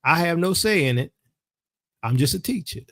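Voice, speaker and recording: Animated man giving a colloquial religious talk. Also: on the high side, normal speed, no echo, clean studio sound. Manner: colloquial, animated storyteller addressing followers. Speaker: religious teacher. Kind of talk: casual religious commentary monologue.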